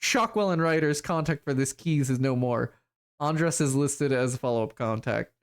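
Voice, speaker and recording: A man reading an automated phone message from a game in a flat, steady voice. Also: mid-range voice, moderate pace, smooth, lightly acted. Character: monotone automated message voice, male. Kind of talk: reading game text aloud.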